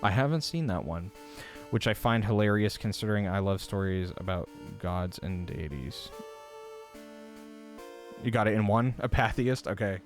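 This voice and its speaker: A man with a lowish voice chatting casually on a live stream. He rambles and swears freely, jumping between thoughts with lots of fillers. His delivery turns animated when he gets worked up. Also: moderate pace, pauses often, soft background music. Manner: rambling, profane, animated rants. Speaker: livestream host. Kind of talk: casual livestream chat.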